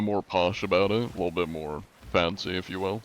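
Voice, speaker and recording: A relaxed American man speaks in a somewhat low voice as he chats with viewers during a live game stream. His talk is loose and rambling, with plenty of casual fillers between thoughts. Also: fairly quick. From USA. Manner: laid-back, rambling, many fillers like "like". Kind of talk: casual chat with viewers while gaming.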